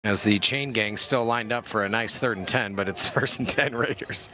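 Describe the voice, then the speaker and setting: A young man does loose, jokey play-by-play for a kids' football game, sprinkling in slang and laughing at his own calls. His voice is bright and forward. Faint outdoor noise sits behind him at the field. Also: fairly low pitch, normal speed. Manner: laid-back, jokey, slangy, self-deprecating. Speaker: play-by-play commentator. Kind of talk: casual youth football commentary.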